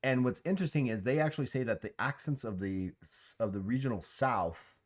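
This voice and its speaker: A man's voice: medium pitch, lively intonation, a little fast. A man hosting a casual chat, musing aloud with a rambling, restarting way of talking. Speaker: host.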